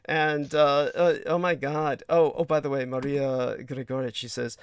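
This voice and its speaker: A man's voice: medium pitch, little pitch movement, moderate pace, clean tone, no echo. A man hosting a livestream, talking in a digressive, crude and emphatic way with many restarts. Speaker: livestream host. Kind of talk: rambling livestream talk.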